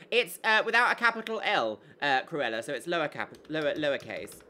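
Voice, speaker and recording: A woman's voice: low voice, fairly quick, hardly any pauses. Chatty woman streaming a game. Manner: chatty, reads chat aloud, giggly, animated. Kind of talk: casual live-stream chat while gaming.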